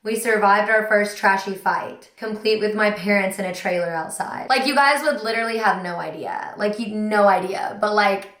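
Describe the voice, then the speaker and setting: A woman's voice: medium pitch, moderate pace, hardly any pauses, a bit bright. A chatty young woman talks straight to her viewers in a casual reading vlog, dramatic and self-mocking as she gushes. Her voice sits mid-range for a woman. The room around her is echoey and reflective. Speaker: book vlogger.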